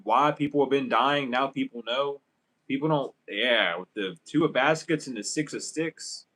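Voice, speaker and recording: A man's voice: mid-range voice, fairly bright tone, low-quality recording. A man doing a casual tarot reading for viewers, ranting and swearing as he talks straight to them. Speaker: tarot reader.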